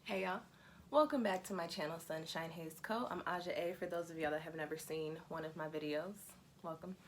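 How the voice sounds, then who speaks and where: A woman's voice: low voice, brisk, a little hiss or hum. A woman hosting her astrology and tarot channel, talking in a chatty, emotional way with frequent laughs and fillers. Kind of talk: casual vlog explanation.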